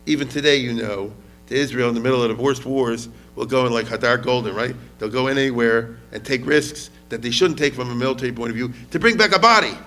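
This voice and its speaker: A man's voice: mid-range voice, fast, bright, forceful tone. A man lecturing on history as a rabbi, talking casually, often asking the audience questions and mixing in Hebrew words.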